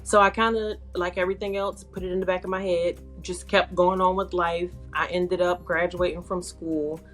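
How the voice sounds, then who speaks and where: Woman, low voice, candid personal testimony, casual with fillers, faint music behind. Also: flat delivery, normal speed, fairly bright tone. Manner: candid, conversational, with frequent fillers like "like". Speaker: guest telling her life story.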